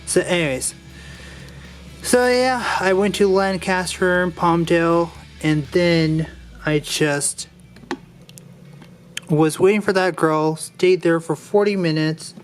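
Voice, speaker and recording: A man's voice: a little high, steady tone, slow, pauses often, faint music behind. A man casually walking through a Lego build step by step, drifting off into a rambling personal story and restarting his sentences as he goes.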